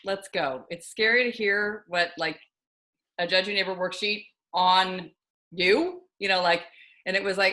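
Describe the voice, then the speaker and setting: A woman with a bright voice hosts a casual podcast interview. She laughs along with her guest and answers in short, encouraging bits. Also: medium pitch, fairly even intonation, a little slow. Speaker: podcast host.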